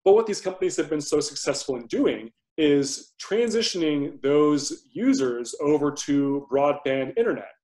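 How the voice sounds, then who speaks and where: A man, a guest investor in an interview, explaining in a measured, conversational way and often repeating a word as he starts a thought. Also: a little high, animated, darkish tone.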